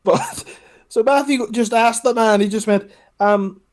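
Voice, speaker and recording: A young man with a very high voice speaks unhurriedly while co-hosting a podcast. In casual chat he's an animated storyteller, acting out what people said.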